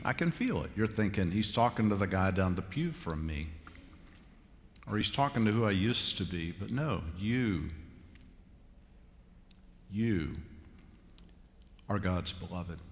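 A man's voice: mid-range voice, a bit bright. Man preaching in a reverberant church. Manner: conversational, repeats key phrases with emphatic pauses. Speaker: pastor. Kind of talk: sermon. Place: large church sanctuary. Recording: live church recording with long reverb.

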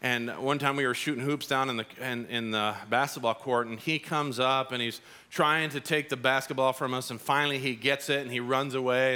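A man preaching a sermon as pastor, telling stories in an animated way and rising to emphatic peaks. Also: medium pitch, a little fast, few pauses, clean tone.

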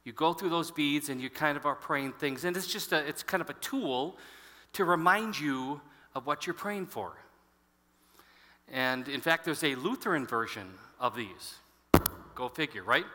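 Bright-voiced pastor in a big hall. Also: male voice, a little high, unhurried. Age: 50s. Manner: storytelling, animated, addresses the congregation. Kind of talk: sermon. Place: large church hall. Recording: long hall reverb.

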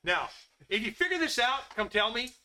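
Folksy preacher, bright high voice. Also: male voice, very animated, moderate pace. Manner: folksy, conversational, with Southern "y'all". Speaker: pastor. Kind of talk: casual sermon.

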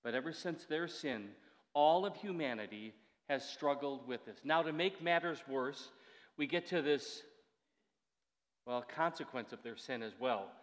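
A man's voice: medium pitch, expressive, measured pace, big-room sound. A man in his sixties preaching a sermon in a chatty, conversational way, with asides and restarts. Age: 60s. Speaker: pastor.

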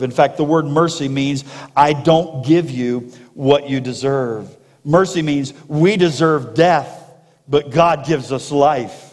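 A man's voice: medium pitch, darkish tone, big-room sound. A male pastor preaching a sermon in a church, building to fervent emphasis and repeating phrases as he presses a point. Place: church sanctuary.

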